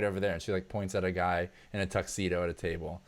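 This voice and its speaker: Low-voiced man running a tabletop game. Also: flat delivery, fast talker, hardly any pauses. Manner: casual, filler-heavy narration. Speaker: game master.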